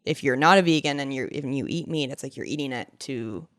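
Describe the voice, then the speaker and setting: A woman's voice: very deep voice, brisk, no room sound, clean studio sound. A woman in her thirties co-hosting a podcast, telling stories in casual chat, laughing often and acting out what others said. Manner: animated storyteller, laughs often; acts out quoted speech. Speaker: podcast co-host.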